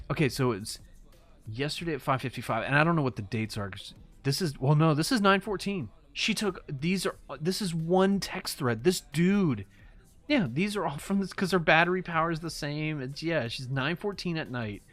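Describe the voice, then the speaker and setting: A man's voice: on the high side, expressive, moderate pace, fairly bright tone. A man giving casual reaction commentary, incredulous and rambling, swearing now and then. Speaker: YouTube commentator.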